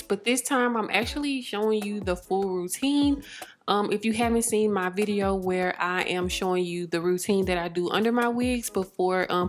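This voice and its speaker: Chatty young woman narrating a tutorial. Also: medium pitch. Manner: chatty, laughs often, rambling fillers. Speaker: beauty vlogger. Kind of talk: casual tutorial voice-over.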